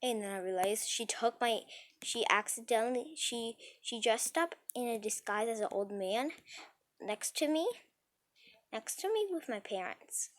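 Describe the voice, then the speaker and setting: A woman's voice: a little high, lively intonation, unhurried. Woman rambling through a casual story.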